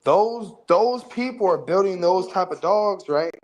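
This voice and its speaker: A man's voice: sits high, lively intonation, a little slow, a little mellow, poor audio. A man speaking as a guest on a casual podcast, earnest and checking in with "right?" as he explains. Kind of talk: casual livestream podcast talk.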